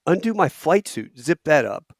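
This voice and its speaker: A middle-aged man telling a long anecdote on a podcast, animated and acting out quotes. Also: on the high side, normal speed, vocal fry, no echo, studio quality. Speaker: podcast guest. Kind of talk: casual storytelling.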